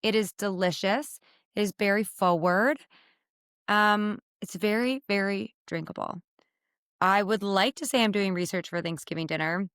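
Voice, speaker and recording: A woman in her thirties talks candidly into a podcast microphone while sitting on her bed. Her voice sits at an ordinary middle pitch, and the sound is dry and close. She keeps the tone casual and lively, full of quick asides. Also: no echo. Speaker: podcast host. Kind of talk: casual solo podcast chat.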